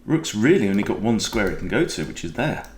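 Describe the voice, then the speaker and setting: A man's voice: on the low side, very animated, brisk, roomy sound, a little hiss or hum. A man with a Welsh accent, a chess coach chatting and joking as he thinks aloud through a game. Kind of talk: casual game commentary.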